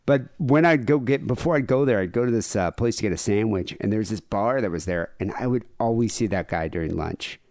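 A man's voice: fairly low pitch, expressive, brisk, hardly any pauses, a little mellow, no room sound, studio quality. A man in his thirties co-hosting a podcast, telling a rambling, self-deprecating story with frequent laughs. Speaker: podcast co-host. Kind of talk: casual chat, storytelling.

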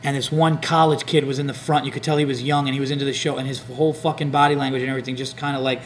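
Very fast and level in tone, this medium-pitched comedian hosts a podcast, rambling through a long, profane anecdote and acting out what the hecklers said. The casual recording has a slight hiss or hum.

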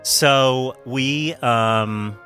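A man co-hosting a chatty podcast in a playful, campy way. His voice is bright and forward, with faint music underneath. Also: medium pitch, extremely slow. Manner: playful, campy, laughs often. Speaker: podcast co-host. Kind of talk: joking casual chat.

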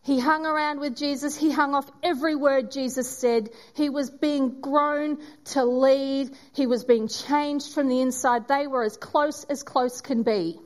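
A woman giving a sermon, telling a story and acting out its voices with dramatic pauses. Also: high voice, fairly even intonation. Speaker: preacher.

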